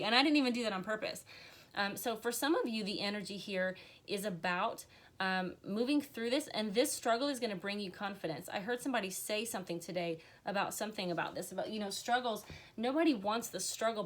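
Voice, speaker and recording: A woman giving an earnest, encouraging tarot reading on a live stream, on the verge of tears at times. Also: medium pitch. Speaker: tarot reader.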